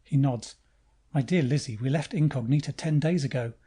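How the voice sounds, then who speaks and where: Husky dark-voiced male audiobook narrator. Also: mid-range voice, moderate pace. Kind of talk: first-person audiobook narration.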